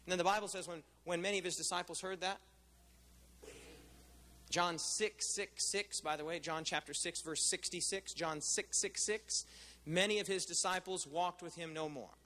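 A man's voice: high-pitched, fairly even intonation, moderate pace, sharp tone, in a large hall, slight background noise. A male pastor preaching a sermon in a conversational way, asking his listeners questions and coming back to them.

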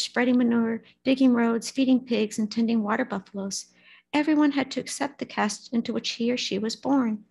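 A woman reads a long story aloud for a Buddhist service, keeping a steady storytelling pace and now and then restarting a hard name. Her voice sits a little high and has a gravelly, husky grain. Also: rough recording. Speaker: lay speaker at a Buddhist service.

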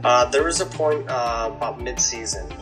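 A man's voice: mid-range voice, moderate pace, music in the background, rough recording. A man answering interview questions in a casual, rambling way, laughing between stories. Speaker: reality show guest.

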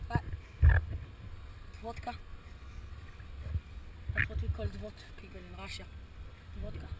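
A man's voice: high voice, fairly even intonation, racing. A man filming his friends outdoors by the water, giving crude teasing commentary full of swearing. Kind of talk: casual joking commentary. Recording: distant camera audio, loud boat noise.

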